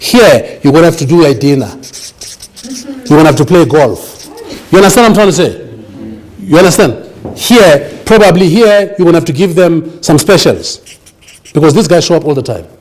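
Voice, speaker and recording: A man's voice: fairly high pitch, animated, normal speed, pauses often, darkish tone. A man giving an emphatic business seminar lecture, often checking that the audience understands. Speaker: business speaker.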